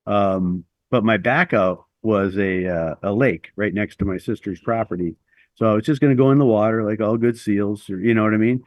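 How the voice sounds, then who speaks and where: Low-ish guy rambling through a story, lots of um and uh, self-deprecating, dry sound. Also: moderate pace, no echo, muffled recording. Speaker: guest. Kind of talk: telling a personal story in an interview.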